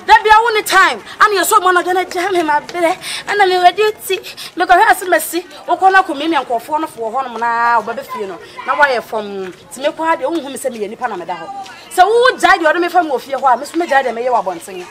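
A high, bright Ghanaian woman's voice played by an actress, a young woman tearing into her lover in a film drama. She talks fast and insistently, with a murmur of people behind. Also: lively intonation, a faint crowd, slight background noise. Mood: scolding. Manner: scolding, insistent. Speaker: actor.

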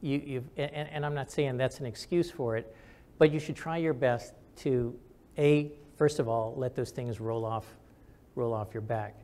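A man's voice: mid-range voice, steady tone, unhurried, dark tone. An older man, a retired general and physician, answering audience questions with candid stories and frequent fillers.

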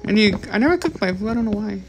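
Young chatty gaming host over game music. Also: female voice, medium pitch, lively intonation, very fast. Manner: chatty, rambling, addresses viewers as guys. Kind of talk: casual gameplay commentary.

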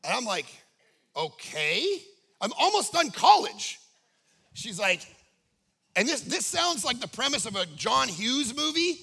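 A male pastor telling a story-driven, jokey sermon with a very high, gravelly voice. His pitch leaps around with lively swings, and his bright, husky tone cuts through as he acts out the voices he quotes. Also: a little slow.

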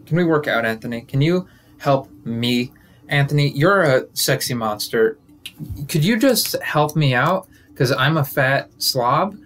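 A man's voice: medium pitch, animated, a little slow, a bit bright. Whiny, self-pitying grown brother begging for help, done mockingly by a young male comic in his own voice. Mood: pleading. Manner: pleading, mocking.

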